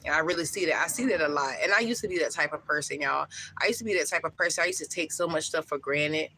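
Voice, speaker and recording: Woman in her thirties, bright tone, live-stream chat, faint outdoor ambience. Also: sits low, fast talker, a little hiss or hum, rough recording. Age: 30s. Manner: warm, emotional, talks to viewers with many fillers. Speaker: livestream host.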